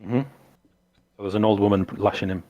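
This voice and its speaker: A man running a tabletop game as game master, narrating the scene descriptively and halting often with fillers. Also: fairly low pitch, level tone, dark tone, highs cut off.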